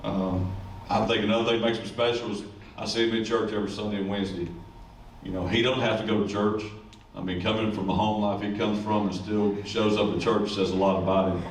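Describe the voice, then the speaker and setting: A high school coach gives a folksy, rambling speech full of jokes in a lowish voice. He is picked up from a distance in an echoey room. Faint noise hums underneath. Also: little pitch movement, fairly quick. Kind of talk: ceremony speech.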